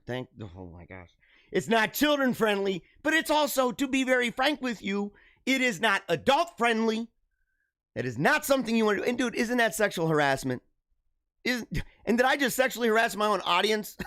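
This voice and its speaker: A man with a high voice hosts a live show, joking, laughing often and riffing animatedly on a news story. It's livestream commentary recorded in clean studio quality with no room sound.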